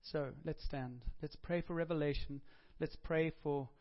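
A man's voice: fairly high pitch, steady tone, measured pace, muffled recording. A man preaching a sermon as pastor, in a conversational style with emphatic rises.

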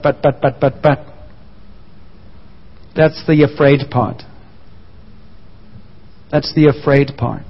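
Preaching man in a reverberant hall. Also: fairly high pitch. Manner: emphatic, repeats key phrases, slows for emphasis. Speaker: pastor. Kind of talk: sermon. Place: church hall. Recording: muffled sound with long church reverb.

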